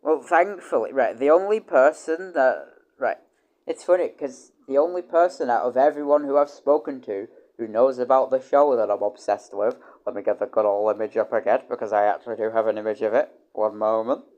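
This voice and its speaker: A man's voice: fairly quick, highs cut off. A man livestreaming in a casual rambling chat. He swears freely and keeps stopping and restarting his sentences. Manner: rambling, full of restarts and repeated words; animated, with loud excited jumps in pitch.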